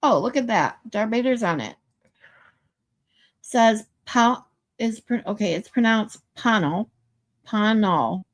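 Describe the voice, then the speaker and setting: A woman's voice: on the high side, animated, a little slow, long pauses. A woman hosting a casual livestream, chatting playfully and reading viewer comments aloud. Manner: playful, tries out pronunciations. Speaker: livestream host.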